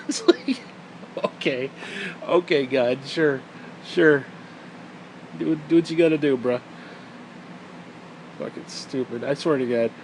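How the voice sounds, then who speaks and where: A man's voice: medium pitch, slow, pauses often, slight background noise. A young man telling stories in a casual, rambling rant, swearing a lot, mocking and laughing as he goes. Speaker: storyteller. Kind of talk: casual ranting storytelling.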